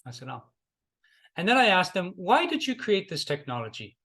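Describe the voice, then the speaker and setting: A man's voice: high voice, wildly swooping pitch, moderate pace, pushed and bright. A middle-aged man, a life coach, giving a motivational talk and retelling client stories, repeating key lines for emphasis.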